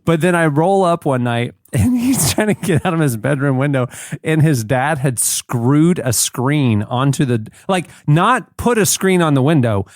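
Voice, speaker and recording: A male podcast co-host in casual chat, telling animated anecdotes. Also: a little high, a little slow, dry recording, studio quality. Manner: animated anecdotes, laughs often.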